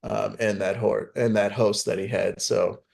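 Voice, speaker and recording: A man co-hosts a podcast in easygoing, casual chat. His voice sits slightly low as he gives firm opinions and explains lore from the books, with frequent ums and "you know"s along the way. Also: flat delivery, unhurried, creaky, a little mellow. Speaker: podcast co-host.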